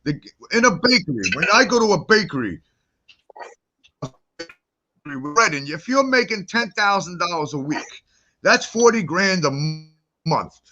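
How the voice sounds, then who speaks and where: Brief: male guest, bright, cutting voice, swearing heavily while telling a heated story. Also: sits high, moderate pace, highs cut off, a little hiss or hum. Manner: profane, heated, animated ranting. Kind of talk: casual talk-show storytelling.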